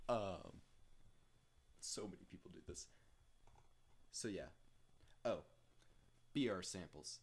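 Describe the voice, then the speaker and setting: A man casually rambling through a software tutorial, self-deprecating and full of jokey asides. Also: low voice, lively intonation, slow, creaky, long pauses, husky. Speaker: tutorial host.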